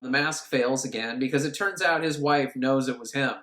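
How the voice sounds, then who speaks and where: A man's voice: medium pitch, normal speed, fairly bright tone. A man giving a crude, sarcastic, rambling comic recap of a movie in a roomy space. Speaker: film reviewer. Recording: roomy echo.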